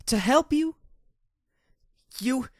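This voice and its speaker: A man doing a high, tearful pegasus mare. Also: lively intonation, very slow, no echo, studio quality, full character voice. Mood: furious. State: hoarse. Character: young gray female pegasus, earnest and distraught.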